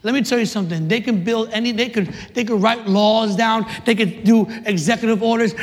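High-voiced man preaching in a reverberant hall. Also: fairly quick, hardly any pauses. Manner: impassioned, repeats phrases, swings from shouting to hushed. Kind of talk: sermon. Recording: long reverb of a large hall.

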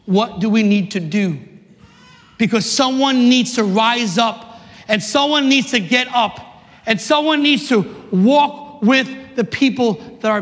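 A man preaching a sermon with passion, repeating his phrases and swinging from shouts to hushed tones. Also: extremely high pitch. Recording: long reverb of a large hall.

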